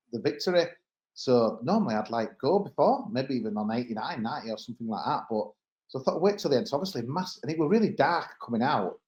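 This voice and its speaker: Animated East Midlands man, pod regular, rambling anecdotes, echoey room. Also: mid-range voice, lo-fi sound. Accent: English East Midlands. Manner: rambling storytelling with laughs. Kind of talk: casual podcast chat.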